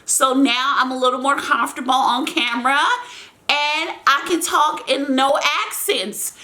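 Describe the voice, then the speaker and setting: Young woman from the US, YouTuber doing a Q&A, casual and rambling, bright timbre. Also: fairly high pitch, animated, measured pace. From United States. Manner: chatty, rambling, addresses viewers as y'all. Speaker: YouTuber answering viewer questions. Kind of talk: casual Q&A vlog.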